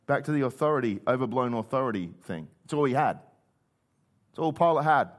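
A man's voice: medium pitch, brisk. A male preacher retelling scripture in a conversational sermon, acting out the quotes. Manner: conversational storytelling, acts out quotes.

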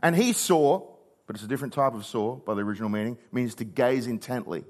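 A man preaching a sermon, reading scripture and acting out the figures' words, moving between loud and hushed. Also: medium pitch, fast. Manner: expressive, acts out quoted voices, shifts from loud to hushed.

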